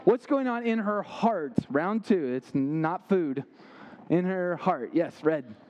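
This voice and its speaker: A man's voice: sits high, expressive, takes it slowly, highs cut off, heavy background noise. A young man giving an interactive sermon, quizzing his listeners and making playful asides. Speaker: youth camp speaker.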